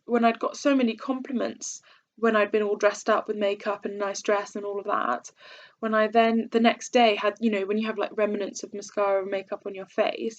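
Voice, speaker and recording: A young woman telling an earnest, halting personal faith story, full of fillers and restarts, on a dull lo-fi recording. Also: on the high side. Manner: earnest, hesitant with many fillers. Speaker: vlogger. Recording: dull lo-fi sound.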